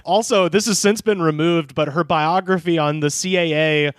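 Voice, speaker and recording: A man's voice: a little high, normal speed, smooth. A man co-hosting a comedy podcast, reading out celebrity news with laughing, profane asides. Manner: reads news quotes with laughing asides, swears freely. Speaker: podcast co-host. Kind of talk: casual comedic chat.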